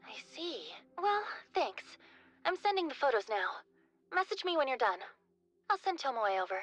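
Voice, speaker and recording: A woman's voice: high-pitched, very animated, normal speed, voice pushed up. A woman voicing a cheerful, chatty young woman who runs a corpse business. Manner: bright, chatty, upbeat.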